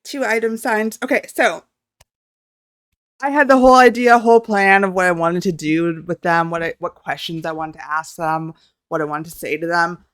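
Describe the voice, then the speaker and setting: A young woman vlogging from home, gushing in a flustered, excitable ramble with plenty of swearing. Her voice sits a little low for a woman, smooth and clear. The sound is close and dry. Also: normal speed, no room sound. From Canada. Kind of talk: casual reaction vlog storytelling.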